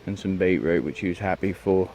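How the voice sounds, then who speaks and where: A low-pitched man talks casually as he walks around his allotment, drifting from one thing to the next with plenty of ums and "you know what I mean." He is recorded outdoors, with a faint hiss of open air behind him. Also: a little fast, a little mellow. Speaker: allotment vlogger. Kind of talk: casual walk-and-talk vlog.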